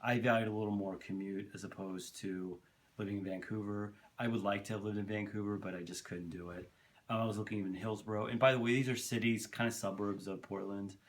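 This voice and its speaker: A man's voice: fairly low pitch, steady tone, brisk, a little hiss or hum. A man telling a long personal story to camera for his vlog, rambling and candid, swearing freely and tripping over his words. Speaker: vlogger.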